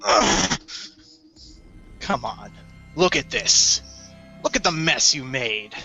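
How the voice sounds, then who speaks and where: A man's voice: medium pitch, sing-song, takes it slowly, pushed and bright, soft background music, full character voice. A man voicing a grim shadowy alien who sneers with contempt. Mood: sneering. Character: grim shadowy male alien in a trench coat.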